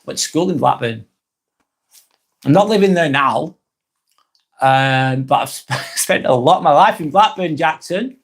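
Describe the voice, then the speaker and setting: On his casual live stream, a middle-aged Englishman with a Lancashire accent talks a little slowly, pausing often, in a slightly high voice with lively intonation. He reads out viewer comments in a friendly, repetitive way that tends to trail off.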